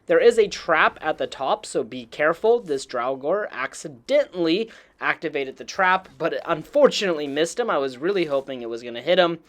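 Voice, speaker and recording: An enthusiastic host talks through a game walkthrough in a casual voice-over, dropping mild slang along the way. The pitch swings in a lively, animated way while the tone stays relaxed and chatty. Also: moderate pace, few pauses. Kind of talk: casual gameplay voice-over narration.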